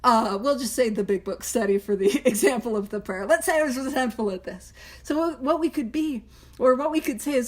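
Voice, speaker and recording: A woman leading a recovery study group, animated, often laughing at herself, slowing down and softening when she recites prayers. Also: a little high. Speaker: Big Book study leader.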